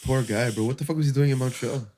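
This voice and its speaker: A man on a podcast reacting to a story with quick laughing interjections. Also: medium pitch, a little mellow, slight background noise. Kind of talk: casual chat reactions.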